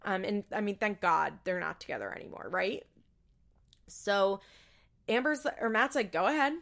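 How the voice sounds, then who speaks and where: Woman podcaster gossiping, lots of vocal fry, blunt and swears a lot, mid-pitched. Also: expressive, moderate pace, a bit bright. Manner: chatty and opinionated, swears, acts out quotes in bigger voices. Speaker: podcast host recapping a reality show. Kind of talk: casual chat.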